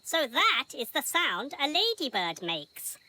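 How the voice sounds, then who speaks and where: A woman's voice: high voice, sing-song, measured pace, bright, forceful tone, heavily acted, poor audio. A woman voicing a tiny, old male alien visitor in a cartoon, who speaks in stilted, broken grammar. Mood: earnest. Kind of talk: cartoon voice acting.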